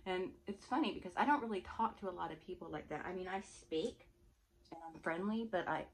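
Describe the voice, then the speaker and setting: A woman's voice: fairly low pitch, brisk, poor audio. A woman chatting casually while she does a makeup look, rambling and self-deprecating. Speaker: makeup artist.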